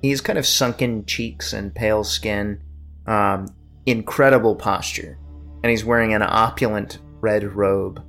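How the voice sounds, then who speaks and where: A man's voice: fairly low pitch, steady tone, unhurried, gravelly, fairly bright tone, soft background music. A man narrating a tabletop game as game master, describing scenes at length with many fillers.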